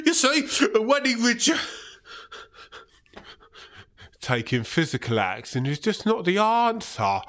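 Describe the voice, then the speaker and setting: A man's voice: very high-pitched, sharp tone, full character voice. A man playing a pompous, patronizing politician who sneers sarcastically and ends lines with "mate". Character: smug pompous male left-wing politician, patronizing. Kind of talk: comedy sketch.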